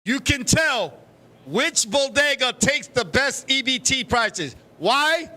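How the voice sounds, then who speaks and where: Bright, high-voiced profane male host. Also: slow pace. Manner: profane, animated storytelling. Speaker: show host. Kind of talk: live casual chat.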